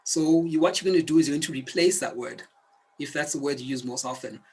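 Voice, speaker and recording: A man's voice: a little high, fast talker, darkish tone, husky, low-quality recording. A man teaching a self-help video lesson, speaking earnestly and directly to the viewer like a coach. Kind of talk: instructional video talk.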